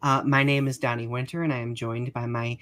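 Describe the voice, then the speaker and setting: A man's voice: mid-range voice, flat delivery, fairly quick, a bit bright. A man hosting a casual podcast over a video call, chatty, laughing often and trailing off mid-sentence. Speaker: podcast host. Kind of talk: casual chat.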